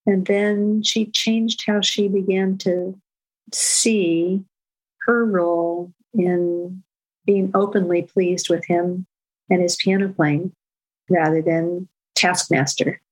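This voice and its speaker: An older woman, a parenting educator, answering an interview question in a calm, measured storytelling manner. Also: on the low side, low-quality recording.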